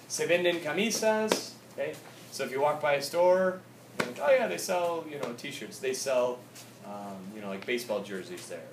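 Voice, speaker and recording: A man's voice: medium pitch, distant mic. A male teacher giving a casual classroom grammar lesson, mixing English and Spanish and checking in with "okay?" again and again. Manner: casual, repeats "okay?" often, switches between English and Spanish. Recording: echoey room recorded from afar, with noise.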